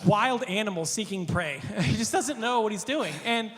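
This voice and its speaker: A male pastor telling a casual anecdote, animated, laughing often and acting out the quotes. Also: sits high, normal speed, big-room sound, noisy background.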